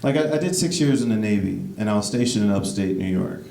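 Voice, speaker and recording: A stand-up comedian, a man with a gravelly edge to his voice, working the crowd with loose asides. He is picked up from a distance in a roomy club, with noise running under his voice. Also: lowish voice, expressive, fast talker, dark tone. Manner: conversational, jokey asides to the crowd. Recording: echoey club, mic heard from a distance, noisy. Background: audience laughter.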